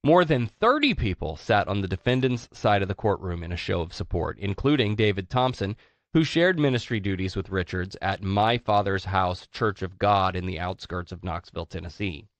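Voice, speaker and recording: A man's voice: deep voice, expressive, normal speed, dry recording. A man with a sore throat, co-hosting a casual podcast and reading news stories aloud with sarcastic commentary. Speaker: podcast co-host.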